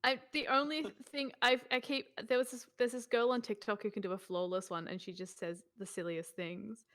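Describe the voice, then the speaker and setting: A woman's voice: mid-range voice, fairly even intonation, a little fast, fairly bright tone. A woman chatting casually on a video call, bubbly and giggly. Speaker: stream co-host.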